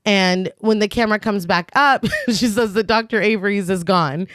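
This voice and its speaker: A woman's voice: medium pitch, moderate pace, a bit bright, dry recording. Woman, podcast co-host, plot recap, sarcastic asides, dry close sound. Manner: dry, sarcastic asides between plot beats, laughs often. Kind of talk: casual chat, narrating a plot recap.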